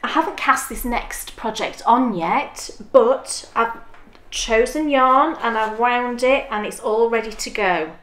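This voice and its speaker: A woman's voice: fairly high pitch, a little slow, a bit bright, slight background noise. A woman co-hosting a podcast in casual, enthusiastic chat and laughing easily. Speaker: podcast co-host. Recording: roomy echo.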